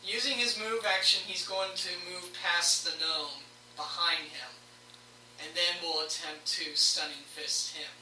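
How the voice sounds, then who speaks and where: A woman serving as game master for a tabletop game narrates the rolls matter-of-factly. Her voice is fairly low, steady and unhurried, yet bright and forceful. The recording is distant and echoey, with background noise.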